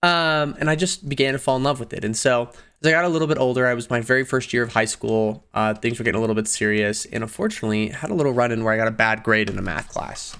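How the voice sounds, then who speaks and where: A man in his twenties telling personal stories in a casual vlog, animated, laughing often and jumping up in pitch on emphasis. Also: clean tone. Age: 20s. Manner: animated, laughing storyteller with sudden pitch jumps. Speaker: video creator.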